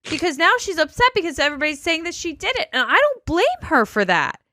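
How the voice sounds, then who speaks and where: Bright, wry woman podcast co-host. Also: extremely high pitch, big pitch swings, fast talker, no echo, studio quality. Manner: chatty, wry, opinionated. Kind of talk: casual reality TV recap chat.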